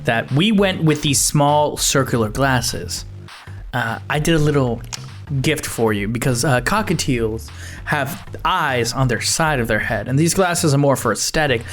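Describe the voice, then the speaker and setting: A man running a tabletop game as game master, narrating in a rambling way, with many pauses and laughs. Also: medium pitch, lively intonation, fairly bright tone, soft background music. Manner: rambling, hesitant, laughs often.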